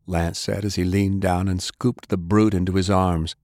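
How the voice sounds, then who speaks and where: Man, deep voice, audiobook narration, character voices, dry close mic. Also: steady tone, moderate pace, few pauses, dry recording. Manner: voices characters with sharp pitch jumps. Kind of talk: dramatic audiobook reading.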